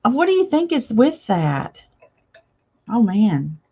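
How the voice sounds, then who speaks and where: A woman's voice: fairly high pitch, wildly swooping pitch, slow pace, a little mellow, breathy edge, lo-fi sound. An older woman hosting a casual live craft chat, chatty and reading viewer comments aloud with frequent laughs. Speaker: craft channel host.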